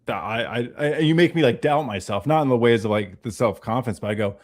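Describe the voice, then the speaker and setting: A man's voice: mid-range voice, brisk, hardly any pauses. A man in casual conversation, telling a story with swearing and quoted dialogue. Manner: animated storyteller, acts out dialogue, swears freely. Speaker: podcast guest.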